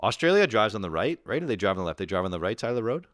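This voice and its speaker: Man, podcast host, profane animated ranter, lively pitch. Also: racing, no echo. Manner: animated ranting, swears a lot, laughs often. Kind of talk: casual profane comedy chat.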